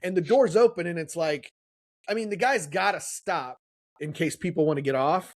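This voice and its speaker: Middle-aged male podcast co-host, animated storyteller, a bit higher pitched. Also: moderate pace, dry recording. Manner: animated storyteller, acts out quoted voices. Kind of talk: casual storytelling chat.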